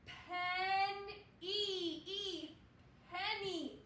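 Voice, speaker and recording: High, bright-voiced woman teaching phonics. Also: steady tone, reverberant, distant mic, a little hiss or hum. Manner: slow, encouraging, sounds out letters for children to repeat. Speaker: second grade teacher. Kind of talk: phonics lesson for young children.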